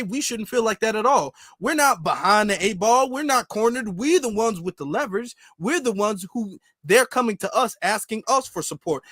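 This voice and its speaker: A man's voice: high-pitched, pushed and bright, dry recording, clean studio sound. A man giving a casual political commentary monologue, acting out a mock customer-service call in an emphatic, repetitive way.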